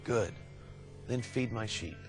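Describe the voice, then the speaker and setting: A man playing a calm, patient Jesus. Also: lowish voice, takes it slowly, faint music behind. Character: calm adult male Jesus, gently insistent. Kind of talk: comic video sketch.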